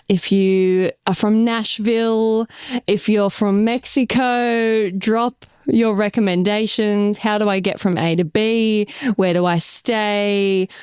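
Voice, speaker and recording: A woman's voice: medium pitch, a little mellow, clear, resonant tone, no room sound. Young Australian woman, podcast co-host; chatty, upbeat delivery, close and dry on the mic. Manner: chatty, upbeat, reads listener messages aloud. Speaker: podcast co-host, radio journalist. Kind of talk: casual podcast chat.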